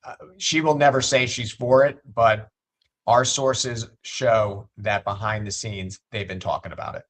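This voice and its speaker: Measured male state legislator guest. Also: fairly low pitch, fairly even intonation, fairly bright tone. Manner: measured, repeats words as he builds points. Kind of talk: political interview talk.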